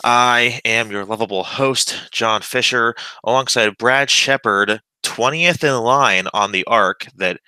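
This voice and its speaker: A man's voice: medium pitch, pushed and bright, smooth, no echo, poor audio. A man hosting a casual wrestling podcast, joking with his co-host and plugging the show. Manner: jokey, quick plugs and banter.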